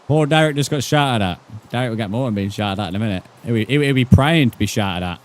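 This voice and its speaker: A man's voice: medium pitch, fast talker. Foul-mouthed British man streaming a game. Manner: profane, excitable, mock-outraged. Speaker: gaming streamer. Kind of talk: live gameplay commentary.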